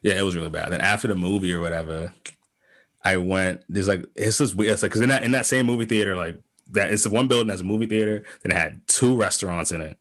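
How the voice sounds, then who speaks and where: A man's voice: low voice, quick pace, fairly bright tone. A man hosting a podcast, telling a long story in casual chat, full of restarts and acted-out quotes. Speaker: podcast host.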